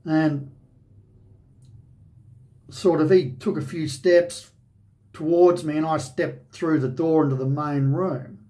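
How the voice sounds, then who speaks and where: A man's voice: a little high, steady tone, takes it slowly, long pauses, mellow. Rambling Australian man telling a story. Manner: rambling, conversational, frequent "you know". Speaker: shaving channel host.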